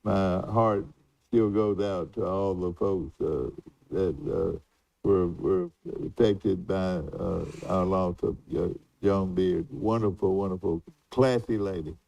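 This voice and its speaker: A man's voice: sits low, fairly even intonation, slow, gravelly, dark tone, no echo, recorded from a distance, muffled recording. An older man, reminiscing in casual chat as co-host, rambling with many fillers and restarts.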